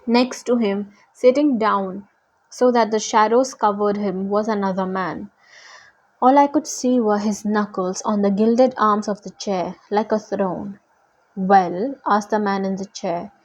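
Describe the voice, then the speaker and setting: A woman reading a novel aloud in a steady, deliberate way. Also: mid-range voice, poor audio. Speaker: reader.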